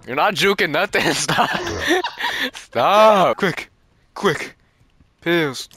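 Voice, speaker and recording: A young man doing casual gaming commentary, laughing often and breaking into sudden high-pitched yells. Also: animated, very slow, noisy background. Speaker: gaming channel host.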